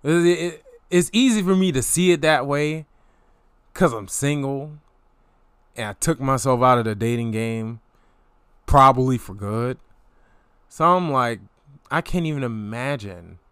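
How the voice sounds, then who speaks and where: Young male vlogger, unhurried storyteller, smooth voice, dry close recording, animated swings. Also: no echo. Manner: animated storytelling with slang and pitch jumps. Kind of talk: casual storytelling monologue.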